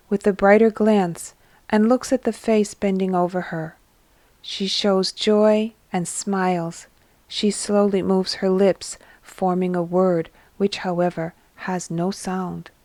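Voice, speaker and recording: A woman narrating a devotional story in a slow, measured storytelling manner. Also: medium pitch, fairly even intonation, darkish tone, dry recording.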